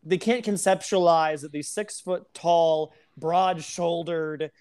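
A woman's voice: lowish voice, steady tone, slow, a little mellow. A woman talking as a podcast guest in casual, candid chat, rambling with many fillers.

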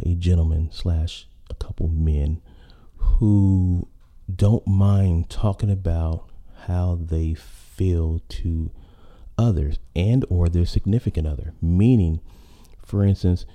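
A man's voice: low voice, vocal fry, dark tone. A man hosting a podcast, talking in a rambling casual monologue full of fillers and restarts. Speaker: podcast host.

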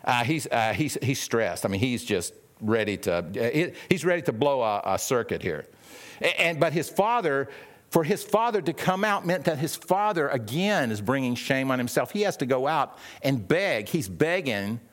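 A man's voice: mid-range voice, big pitch swings, normal speed. A man preaching a sermon in a conversational way, with many restarts and questions to the listeners. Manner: acts out the brothers' lines in a raised, sharp voice.

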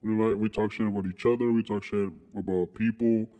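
Deep flat young man, halting. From Southern California. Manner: halting, repeats words, deadpan. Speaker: podcast co-host. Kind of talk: crude casual banter. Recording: long reverb.

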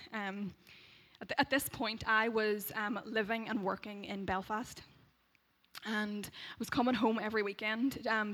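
A woman in her thirties from Derry with a Northern Irish accent, telling a personal faith testimony in an animated way, laughing as she goes and acting out the voices she quotes. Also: medium pitch. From Derry, Northern Ireland. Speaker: speaker sharing a faith testimony.

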